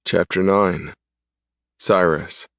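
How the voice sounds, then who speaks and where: Man, audiobook narrator, deep, gravelly, cocky tone, dry recording. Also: very slow, no room sound. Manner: relaxed, cocky. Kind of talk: first-person audiobook narration.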